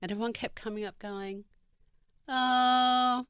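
A woman's voice: medium pitch, sing-song, moderate pace, a bit bright, no room sound. A woman guest chatting casually on a talk show, wry and teasing. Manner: wry, teasing, laughs often. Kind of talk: casual chat.

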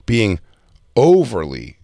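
A man's voice: lowish voice, slow, vocal fry, no room sound. Guy rambling through a crude story on a podcast, dry close mic. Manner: rambling, profane, animated storyteller. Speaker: podcast host. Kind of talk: casual storytelling chat.

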